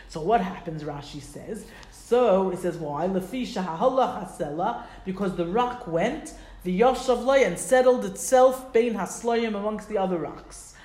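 A woman teaching a text study class, reading passages and explaining them in an animated way, acting out the voices of the people in the story. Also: mid-range voice, echoey room. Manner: animated, acts out voices of the crowd. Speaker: Torah teacher.

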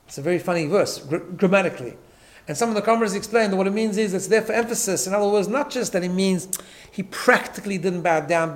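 A man teaching a Torah class, emphatic, often repeating words and checking in with "right?". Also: high voice. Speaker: rabbi.

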